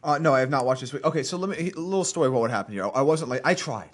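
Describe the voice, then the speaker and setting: A man co-hosting a casual chat, speaking in quick bursts and stumbling over his words. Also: mid-range voice, lively intonation. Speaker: co-host.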